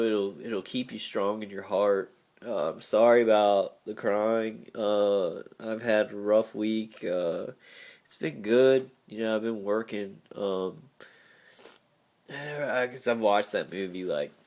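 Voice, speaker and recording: A man with a lowish voice speaks into his own video journal. He talks in an earnest, emotional ramble, circling back with fillers, and sometimes drops to a near-whisper. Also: a little mellow. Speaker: vlogger.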